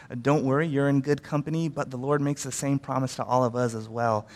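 A man's voice: medium pitch, long reverb tail. A man preaching a sermon in a casual, conversational way, often acting out quotes and using fillers. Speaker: pastor.

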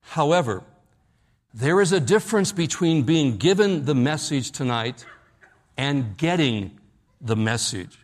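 A middle-aged man preaching a sermon in a slightly higher voice than most men. He slows right down and sinks low at the end of each key phrase, as if pressing it home to the congregation. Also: animated. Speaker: pastor. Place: church service at night.

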